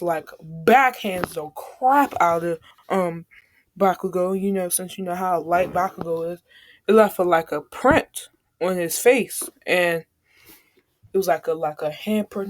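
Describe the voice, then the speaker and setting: A woman spinning a casual fan story out loud, rambling and slangy, padding every line with loose fillers. Her voice sits at an ordinary middle pitch. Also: normal speed.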